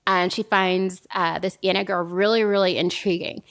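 A woman casually telling a story to a friend on a podcast, animated and laughing often. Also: on the low side, moderate pace.

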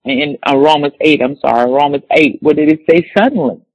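A man preaching a sermon, reading scripture slowly and repeating key words for emphasis. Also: on the high side, dry recording, low-quality recording.

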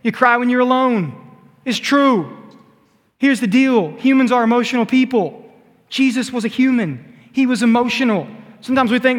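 A man preaching a sermon as a youth pastor, animated and playful, acting out scenes. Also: extremely high pitch, normal speed. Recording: long hall reverb.

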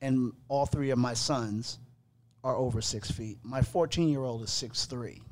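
A man's voice: mid-range voice, measured pace, darkish tone. A middle-aged man co-hosting a comedy podcast, chatting casually, laughing often and swearing freely. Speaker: podcast co-host.

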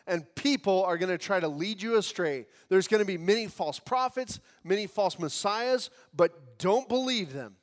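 Male pastor, high voice, earnest conversational sermon, long hall reverb. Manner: earnest, conversational preaching with asides and restarts. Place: church sanctuary.

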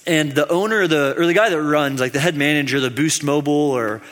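A young man preaching in a loose, conversational way, his voice sitting a little high for a man. He rambles through a story with fillers and laughs at his own jokes, and a long reverb trails each phrase around the church hall. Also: fairly quick, a bit bright. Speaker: preacher giving a midweek teaching. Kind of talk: casual storytelling sermon.

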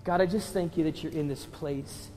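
A man preaching a sermon as pastor, telling a story emotionally, swinging from loud to hushed and tearful at times. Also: a little high, moderate pace. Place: church sanctuary. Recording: church hall reverb with music.

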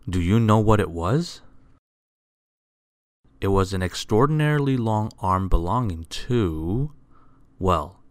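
A man reading a children's picture book aloud, expressive and asking the listener questions. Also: deep voice, dry recording, studio quality. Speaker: storyteller.

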